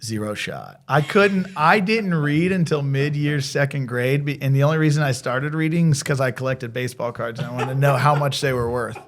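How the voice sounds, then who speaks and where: Animated American man telling stories. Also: mid-range voice, moderate pace, few pauses. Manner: animated storyteller, acts out quoted dialogue. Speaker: college athletic director, former softball coach. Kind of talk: casual interview storytelling.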